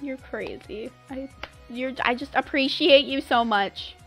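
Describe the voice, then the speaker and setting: High-voiced, gushing young woman streamer. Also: unhurried, a bit bright, faint music behind. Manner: effusive, dramatic, exclamatory. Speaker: game streamer. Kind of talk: live streaming chat, thanking viewers.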